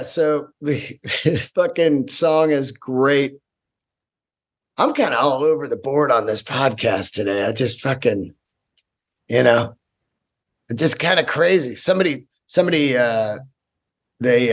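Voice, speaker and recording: A man's voice: medium pitch, slow. A man hosting his own podcast alone, rambling loosely from topic to topic and swearing freely. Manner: rambling, profane and animated. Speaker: podcast host. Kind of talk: solo podcast monologue.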